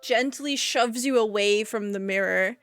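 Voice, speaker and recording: A woman running a tabletop roleplaying game as game master, narrating scenes in a calm, descriptive way. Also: medium pitch, measured pace, faint music behind.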